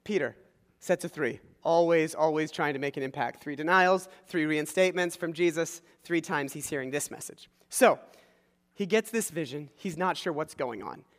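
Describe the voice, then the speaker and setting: A man preaching a sermon as pastor, retelling a story in an animated way and acting out the voices of the people in it. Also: a little high, moderate pace, big-room sound.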